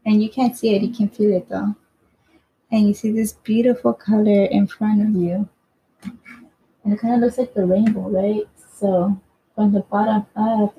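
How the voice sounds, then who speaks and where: A woman's voice: mid-range voice, creaky, dark tone, slightly rough, lo-fi sound. A woman casually telling a personal story in a rambling way, swearing freely and often asking "right?".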